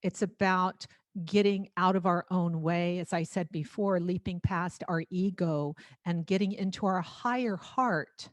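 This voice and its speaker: A woman singer-songwriter talking casually at an album launch, telling lively stories with frequent laughs and restarts. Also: fairly low pitch, measured pace, few pauses, no room sound.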